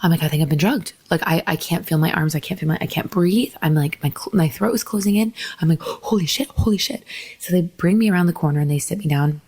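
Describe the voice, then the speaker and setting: A woman's voice: sits low, fast talker, few pauses, darkish tone, husky. A young woman hosting a podcast, telling a candid personal story with emphatic, profane asides and quoted dialogue. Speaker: podcast host.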